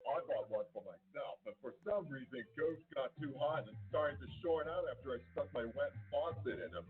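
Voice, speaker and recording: A man's voice: mid-range voice, expressive, normal speed, a little hiss or hum, lightly acted. A man playing a customer giving a goofy testimonial in an ad, rambling and giggly. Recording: tinny phone-like clip with music.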